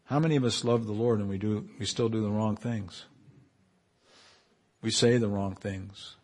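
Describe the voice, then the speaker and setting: A man preaching a sermon in an animated way, often repeating and restarting phrases and building to loud, emphatic peaks. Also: on the low side, normal speed.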